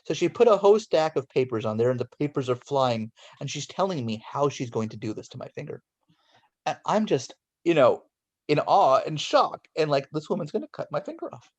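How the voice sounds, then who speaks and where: A man in his forties from Los Angeles, a guest telling a childhood story in an animated way and acting out the voices. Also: mid-range voice, moderate pace.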